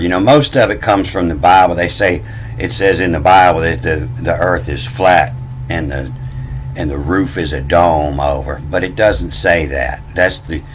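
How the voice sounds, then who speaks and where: A man with a low voice talks slowly and loosely. He circles back over his words, restarts phrases and keeps dropping folksy "you know"s as he explains. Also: fairly bright tone, a little hiss or hum, poor audio. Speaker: self-taught bible language commentator. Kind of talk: casual rambling explainer talk.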